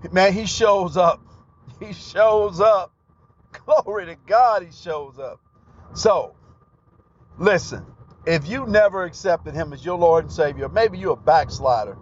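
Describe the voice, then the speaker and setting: Fervent high-voiced preacher. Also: male voice, slight background noise. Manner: fervent, bursts into shouted praise. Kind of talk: broadcast sermon testimony. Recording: dull lo-fi broadcast recording.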